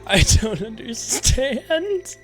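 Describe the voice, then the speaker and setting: A young man streaming a game live, reacting to chat with loud, profane disbelief. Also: very high voice, extremely slow, music in the background. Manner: animated, incredulous and profane, talking straight to chat. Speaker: Twitch streamer. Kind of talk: live gameplay commentary.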